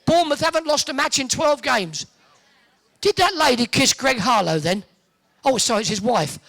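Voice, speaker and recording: Cheeky male compère, high bright voice with grit, teases the crowd. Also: creaky. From Hertfordshire, England. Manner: joking, teasing, quick with quips. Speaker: host working the audience. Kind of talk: cheeky audience banter. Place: indoor event hall with a live audience.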